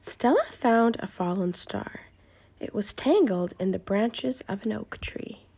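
A woman reading a bedtime story aloud in a hushed, often whispering voice. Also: mid-range voice, lively intonation, measured pace, gravelly, breathy edge.

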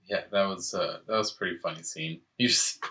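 A co-host with a very low pitch and a bright, crisp edge joins in casual chat. They keep their comments short and laid-back. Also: brisk, recorded from a distance.

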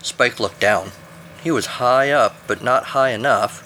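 A man's voice: mid-range voice, a little slow, bright, forceful tone, slight background noise. A man reading his own adventure story aloud with wry, playful narration.

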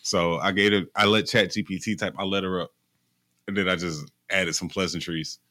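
A young man with a bright, forceful voice, fairly low-pitched, chatting casually with friends. He tells animated, slang-heavy stories full of swearing. The sound is dry and close. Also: moderate pace, dry recording. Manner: animated storytelling, profane slang. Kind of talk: casual chat.

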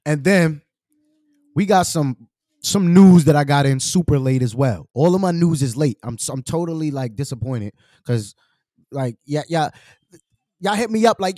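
Animated slangy man streaming. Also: a little high, normal speed, no echo, studio quality. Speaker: livestream host. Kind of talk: casual livestream commentary.

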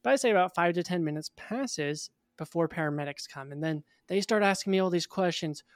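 A young man in his twenties, a guest in an interview, telling a personal story in a casual, animated way. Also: high voice, a little fast, no echo, studio quality.

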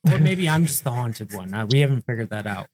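A man in casual chat, laid-back and quick to laugh, swearing now and then. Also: medium pitch, animated, darkish tone, no room sound. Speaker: paranormal investigator.

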